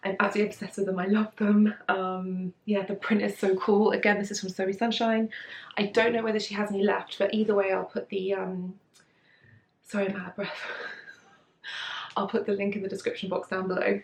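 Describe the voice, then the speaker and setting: A woman's voice: medium pitch, little pitch movement, fast talker, roomy sound. Chatty British woman sewing vlogger. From Britain. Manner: chatty, giggly, full of fillers and asides. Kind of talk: casual chat. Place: room at home.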